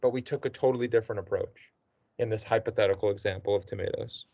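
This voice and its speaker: A man's voice: fairly low pitch, steady tone, fast talker, dark tone, no room sound. A man teaching a student one-on-one, patient and encouraging, checking in with the student often. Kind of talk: one-on-one tutoring session. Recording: dull dry lo-fi recording.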